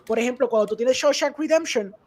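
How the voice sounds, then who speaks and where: A man's voice: very high-pitched, fast, darkish tone. A man co-hosting a podcast, chatting casually and explaining with energy while he switches between Spanish and English mid-sentence. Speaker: podcast co-host. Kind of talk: casual chat.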